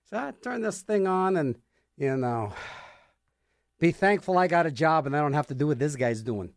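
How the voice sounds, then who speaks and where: A man's voice: a little high, expressive, normal speed, dry recording, clean studio sound. A man hosting a music radio show, chatting casually between records and rambling through jokes and acted-out little scenes.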